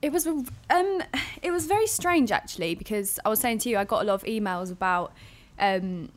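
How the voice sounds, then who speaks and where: A woman's voice: mid-range voice, lively intonation, moderate pace. A young woman, a guest actress, telling stories in a chatty, laughing way on a casual podcast. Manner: chatty storyteller, laughs often, many "like"s.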